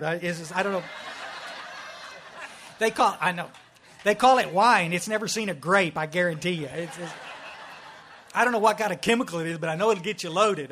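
Texan guy sharing his story at a meeting, high-pitched, folksy and blunt. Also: a bit bright. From Texas. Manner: folksy, emphatic, joking. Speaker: recovery meeting speaker. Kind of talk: testimony talk.

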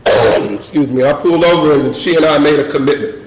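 A man's voice: a little high, quick pace. A middle-aged man telling a humorous personal story at a recovery meeting, acting out scenes and peppering his talk with "you know.". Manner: animated, acts out scenes, many "you know" fillers. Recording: echoey room with faint crowd noise.

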